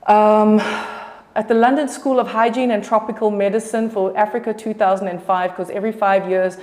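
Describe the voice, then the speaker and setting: Middle-aged woman artist, loose and swearing, mid-pitch, speaking in a big hall with long reverb. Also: steady tone, normal speed, a little mellow. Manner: profane, rambling, self-correcting. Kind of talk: casual artist talk.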